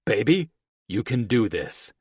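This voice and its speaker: A man's voice: on the low side, sing-song, unhurried, a little mellow, breathy edge, no echo, clean studio sound, exaggerated voice. A man voicing a firm, commanding doctor husband. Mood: firm instructing. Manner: firm, instructive. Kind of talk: audiobook character voice.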